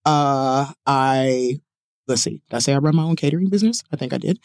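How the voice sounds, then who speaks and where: A woman's voice: very deep voice, fairly quick, no room sound, studio quality. A woman in her forties, a guest on a casual podcast, telling brash, profane stories. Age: 40s. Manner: brash, profane, animated storyteller. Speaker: guest, professional dominatrix. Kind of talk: casual podcast chat, storytelling.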